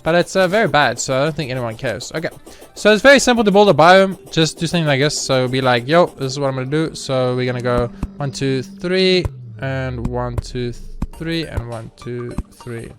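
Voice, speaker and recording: Brief: young male let's-play host, sarcastic and self-mocking, swears a lot, mid-pitched voice, game music clearly audible behind him. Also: normal speed, hardly any pauses. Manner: sarcastic, mock-boastful, swears freely. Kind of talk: casual gameplay commentary.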